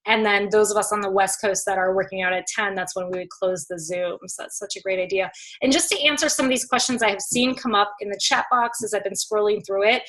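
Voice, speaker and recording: A woman coaching her team on a video call, upbeat and excitable, chatting with lots of fillers. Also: medium pitch, fairly quick, low-quality recording. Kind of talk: casual pep talk on a video call.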